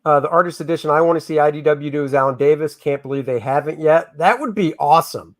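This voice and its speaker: A man's voice: fairly high pitch, fast. A middle-aged man hosting a casual livestream, joking with his co-host and reading chat comments aloud. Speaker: comic artist hosting a livestream.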